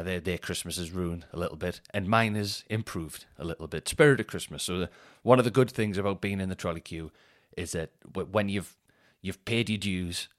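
A man hosting a podcast, telling a rambling, sweary shopping story and laughing as he goes. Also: low voice. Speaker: podcast host. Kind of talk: casual storytelling monologue.

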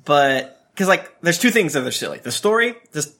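A man co-hosting a casual book-club podcast, his pitch swinging lively as he jokes. He swears freely and laughs through his riffs. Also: moderate pace. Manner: profane, joking, laughing. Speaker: podcast co-host.

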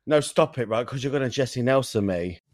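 A man's voice: mid-range voice, expressive, a little fast, slight background noise. A man co-hosting a podcast, chatting casually in a giggly, teasing and sweary way. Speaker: podcast co-host. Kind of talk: casual chat.

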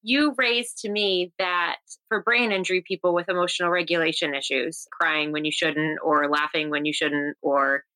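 A woman's voice: sits low, fairly even intonation, moderate pace, few pauses, pushed and bright. A woman chatting casually as a podcast guest, talking freely and laughing often.

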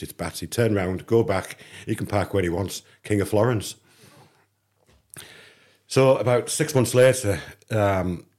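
English male guest, low and husky, chatty anecdote teller voicing the other people. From England. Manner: animated anecdote teller, acts out dialogue. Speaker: podcast guest. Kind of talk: casual storytelling.

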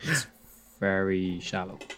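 A man co-hosting a casual film chat, blunt and given to trailing off into quiet mutters. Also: low voice, animated, a little slow, no room sound. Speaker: podcast co-host. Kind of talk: casual chat about films.

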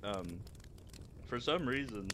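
A man's voice: mid-range voice, lively intonation, slow, fairly bright tone, slight background noise. A man co-hosting a podcast, rambling with restarts and crude jokes in casual chat. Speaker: podcast co-host.

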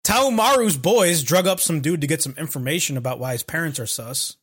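A man's voice: on the high side, expressive, fairly quick, fairly bright tone, breathy edge. Joking, profane man recapping an anime. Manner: profane, joking, acts out characters' lines. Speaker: podcast co-host. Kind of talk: casual anime recap chat.

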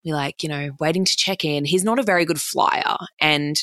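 Young Australian woman, deep and dry-miked, casual story full of fillers and swearing. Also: normal speed, a bit bright, dry recording. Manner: chatty, heavy filler "like", swears freely, acts out quotes.

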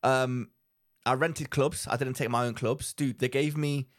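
Excitable man chatting. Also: mid-range voice, unhurried. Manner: excitable, rambling with restarts. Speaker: podcast co-host. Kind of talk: casual chat.

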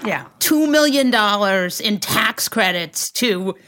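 A woman's voice: mid-range voice, animated, slow pace, fairly bright tone. A woman co-hosting a podcast in casual chat, blunt and sarcastic, swearing freely. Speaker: podcast co-host.

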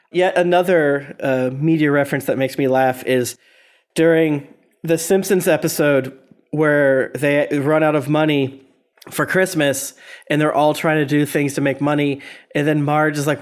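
A man co-hosting a podcast, talking in a casual, animated rant full of swearing and mimicked voices. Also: fairly high pitch, moderate pace. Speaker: podcast co-host. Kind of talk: casual review chat.

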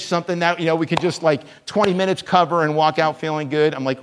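A man preaching a sermon as a guest preacher. He speaks in a conversational, animated way and pokes fun at himself. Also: on the high side, brisk, hardly any pauses. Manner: conversational, animated, self-deprecating.

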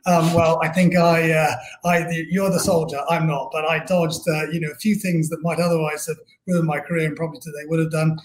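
A man's voice: a little high, flat delivery, brisk, few pauses. A middle-aged man from England, a guest telling career stories in a rambling, self-deprecating way with many restarts. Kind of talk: casual storytelling interview.

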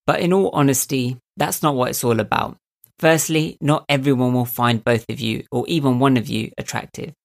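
A young man with a voice he calls squeaky and nasal, giving calm, earnest motivational advice to camera as a self-help video host. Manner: calm, earnest, coaching tone with rhetorical questions. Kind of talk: reflective motivational talk to camera.

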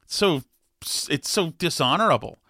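Reading comments aloud in a casual solo talk, a man speaks in a slightly high, expressive, sharp voice, recorded cleanly in a studio with no room sound. His delivery is halting, full of restarts, and punctuated by laughter as he reads.

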